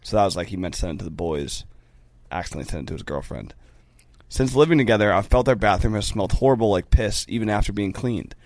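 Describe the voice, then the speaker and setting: A man co-hosting a podcast, reading listener questions aloud in a deadpan way. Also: fairly low pitch, fast talker.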